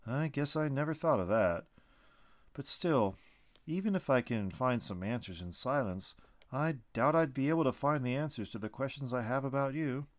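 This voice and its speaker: A man's voice: mid-range voice, lively intonation, normal speed, dry recording, natural voice. A man voicing a curious, impatient young man in a storybook reading, asking question after question. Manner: eager, questioning.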